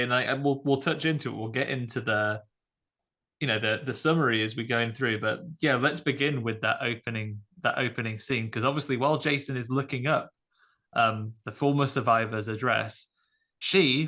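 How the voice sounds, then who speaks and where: Bright-voiced man chatting wryly. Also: medium pitch. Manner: chatty, wry, many fillers. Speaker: podcast host. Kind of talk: casual chat.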